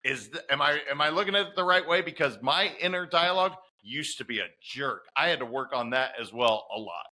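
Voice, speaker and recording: A man's voice: a little high, animated, a little fast, few pauses, bright, forceful tone. A man hosting a podcast interview, talking enthusiastically and affirming his guest, thinking aloud with small restarts. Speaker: podcast host.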